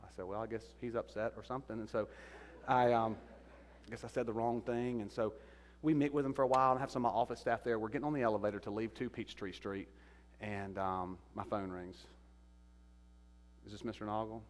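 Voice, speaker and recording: A lower-pitched man gives a sermon testimony in a church. He stumbles and repeats words as he tells his story. His voice carries a long reverb through the sanctuary. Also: fairly even intonation, a little fast. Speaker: guest speaker.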